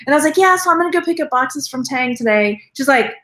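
A Texan woman in her thirties chats on a live stream, rambling from one thought to the next. She laughs often and slips into quoted voices. Her voice sits a little high and carries some room echo. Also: animated, quick pace, few pauses, a bit bright. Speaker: reseller vlogger. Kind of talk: casual live-stream chat. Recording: echoey room.

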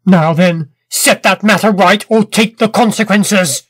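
A man's voice: high-pitched, unhurried, slightly rough, no room sound. Irascible old professor, voiced by a man, commanding and pompous, dry close mic. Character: irascible, powerful older male professor.

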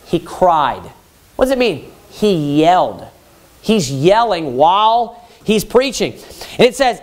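A man preaching a Baptist sermon loudly and emphatically, repeating his points and rising to yelling. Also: high voice, very animated, slow. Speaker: pastor.

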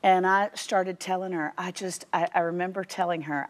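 A woman in her fifties with a Southern US accent, a guest author telling stories on a faith talk show in an animated way. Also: on the low side, normal speed, few pauses. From Tennessee. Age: 50s. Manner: animated storyteller who quotes voices. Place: TV studio.

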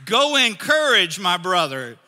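High, bright-voiced preacher in a big hall. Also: male voice, unhurried. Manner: animated storytelling, acts out characters in dialogue. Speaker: pastor. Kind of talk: sermon.

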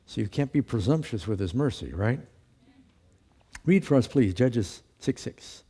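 Mellow-voiced man teaching a Bible class. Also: mid-range voice, expressive, measured pace, husky. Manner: asks the class questions and answers them himself; reads scripture aloud with lifted emphasis. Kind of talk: Bible study lesson to a class.

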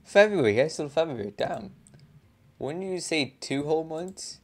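With an unhurried, mid-range voice, a young adult reads game text from a visual novel during a relaxed let's-play. Between lines they chat, laugh often, and mutter curses.

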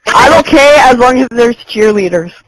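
A very high voice, light and boyish. He is a rowdy young gamer who throws out crude jokes while playing online with his friends. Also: animated, moderate pace, a crowd in the background, low-quality recording. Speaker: friend in the game party. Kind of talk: casual multiplayer game chat.

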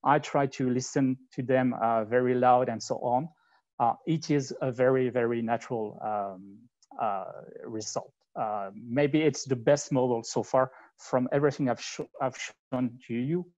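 A man with a French accent presents at a tech conference in a halting, conversational way. He thinks aloud between demos. His mid-pitched voice comes through a slightly muffled online recording. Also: fairly even intonation, darkish tone. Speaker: conference speaker. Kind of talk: live technical presentation with demos.

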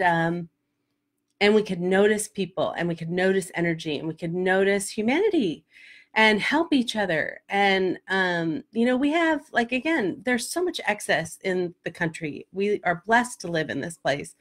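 A woman's voice: lowish voice, animated, moderate pace, a bit bright. A middle-aged woman, a life coach, telling a story straight to camera in a candid, emotional way, with many fillers. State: tearful at times. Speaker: life coach and vlog host. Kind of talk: casual direct-to-camera vlog.

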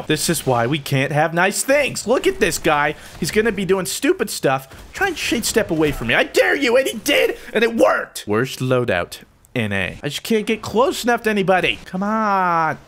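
A man giving excitable live gameplay commentary, joking and trash-talking opponents as he plays. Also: high voice, a little hiss or hum. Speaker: gaming channel host.

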